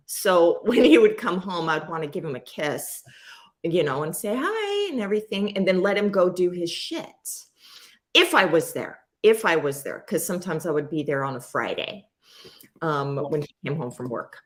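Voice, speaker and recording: A woman hosting a casual live chat, talking candidly and ramblingly and swearing freely. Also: lowish voice. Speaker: host.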